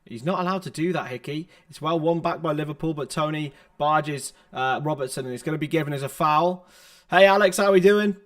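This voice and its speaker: A man's voice: on the high side, a little fast, fairly bright tone. A young man hosting a livestream, giving running football play-by-play with chatty asides to viewers on a laptop's built-in microphone. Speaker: livestream watchalong host. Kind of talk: live football play-by-play commentary.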